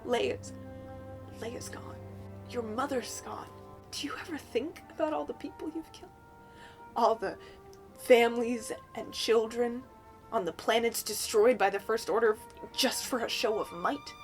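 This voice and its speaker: A woman's voice: high-pitched, lively intonation, fairly quick, faint music behind. A woman voicing a young heroine who is furious and accusing, her words stumbling in anger. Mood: angry, accusing.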